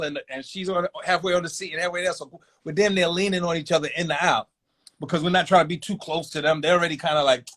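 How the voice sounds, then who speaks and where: Guy telling a story from his school days, voice sits a bit high, animated. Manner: animated, acts out other voices in quotes. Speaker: guest telling a personal story. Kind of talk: casual storytelling.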